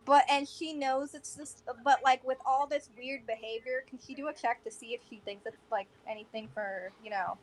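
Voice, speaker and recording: A woman's voice: high-pitched, fairly even intonation, moderate pace, hardly any pauses, rough recording. A woman playing in a tabletop game who asks questions and swears casually. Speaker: player.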